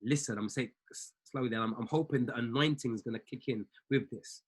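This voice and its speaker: A man's voice: mid-range voice, brisk, breathy edge. A man who coaches traders, giving a motivational talk to a group in a preacher-like way, repeating lines for emphasis and speaking straight to his listeners. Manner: exhorting, talks straight to listeners. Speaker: trading coach.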